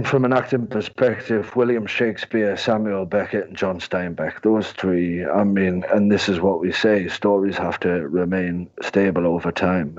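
Heard in dull lo-fi audio, a guest in his 20s who works as a comedian and sales director answers interview questions at rambling length with self-mocking humor. His voice is low with a darkish tone.

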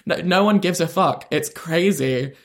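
Creaky-voiced young British man. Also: fairly high pitch, measured pace. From United Kingdom. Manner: swearing, laughing, self-mocking. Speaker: comedian guest. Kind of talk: casual podcast chat.

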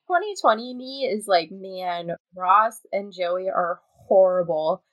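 A woman's voice: medium pitch, expressive, measured pace, no echo, highs cut off. Chatty laughing woman podcast host. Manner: chatty, laughs often, quotes herself in asides. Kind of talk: casual chat.

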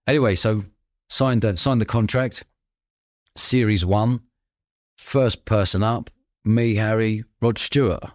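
A man with a lowish voice recounts stories in a relaxed podcast conversation. He bounces between his own voice and animated impressions of the people in his tales, laughing as he goes. The sound is dry and close. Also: slow, long pauses, no room sound. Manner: animated anecdotes, acts out quoted voices, laughs often. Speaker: podcast host. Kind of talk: casual storytelling chat.

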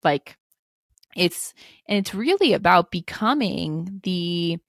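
A young woman in her twenties speaks with a low, gravelly voice. She talks gently and reassuringly as a guest coach on a podcast, filling her speech with "like." The sound is dry and close, with no room echo. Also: lively intonation, slow pace. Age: 20s. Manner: gentle, reassuring, many "like" fillers. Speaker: spiritual life coach. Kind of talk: podcast interview.

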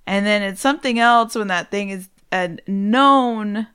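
A woman's voice: medium pitch, measured pace, fairly bright tone, smooth. A young woman hosting a podcast, chatting casually and asking her guest curious follow-up questions. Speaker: podcast host. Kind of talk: casual interview chat.

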